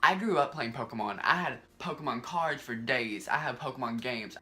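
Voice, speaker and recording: Young male vlogger, bright tone, animated and exasperated, rambling, faint music under the voice. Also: mid-range voice, normal speed. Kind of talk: casual vlog countdown.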